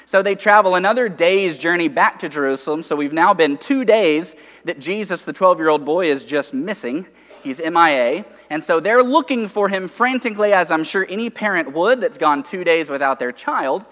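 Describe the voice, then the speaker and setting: A man preaching a sermon, teaching conversationally from Scripture and alternating rising emphasis with quiet asides. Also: fairly high pitch, expressive, moderate pace, long reverb tail.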